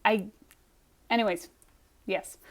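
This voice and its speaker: A young woman telling a personal story in a casual, animated way, acting out her own reactions as she goes. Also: mid-range voice, slow pace.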